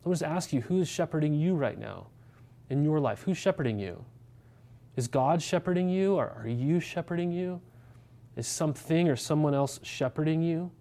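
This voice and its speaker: A man preaching a sermon, his voice set a little high for a man but mellow and warm in tone. He talks to the congregation directly, firing off rhetorical questions and tagging points with a quick "right?". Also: lively intonation. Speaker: pastor.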